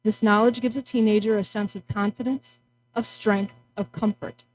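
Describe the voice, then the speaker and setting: A woman's voice: medium pitch, fairly even intonation, a little mellow, slight background noise, low-quality recording. A woman parent giving a prepared, earnest public comment at a school board meeting. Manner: earnest, measured, reading from notes.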